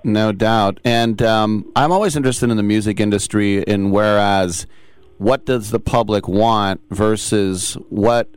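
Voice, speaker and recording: A man's voice: fairly low pitch, fairly even intonation, a little slow, clear, resonant tone, dry recording. A man interviewing a guest, asking rambling and curious questions. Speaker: interviewer, host. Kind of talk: interview conversation.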